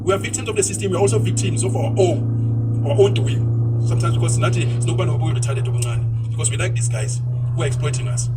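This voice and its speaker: A South African man speaking fast and outspokenly while driving, dropping Zulu words into a casual opinionated monologue. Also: fairly high pitch, far from the mic, heavy background noise. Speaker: vlogger. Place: inside a moving car.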